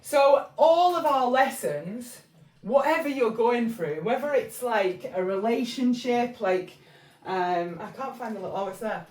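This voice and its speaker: A woman's voice: on the high side, lively intonation, unhurried, a little mellow, far from the mic. A woman from England talking casually and rambling about spiritual life lessons, with lots of fillers and restarts. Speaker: channel host. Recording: echoey room, voice somewhat off-mic.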